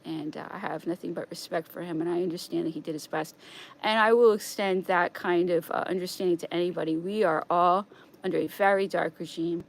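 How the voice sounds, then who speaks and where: A woman streaming a rambling, agitated monologue, repeating herself, swinging between raised outbursts and quiet, hushed stretches. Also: lowish voice, fairly even intonation, a little fast, a little hiss or hum.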